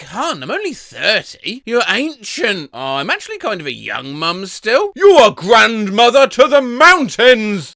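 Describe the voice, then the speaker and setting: A man's voice: sits high, sharp tone, no room sound, studio quality. A man doing comedic commentary, reading internet posts aloud with sarcastic, punchy delivery.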